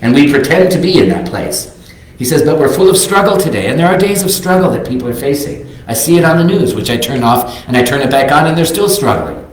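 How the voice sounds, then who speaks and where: A man's voice: medium pitch, lively intonation, fast, a little hiss or hum. An older man giving a reflective, earnest sermon as a minister, reading quotes aloud. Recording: very echoey sanctuary.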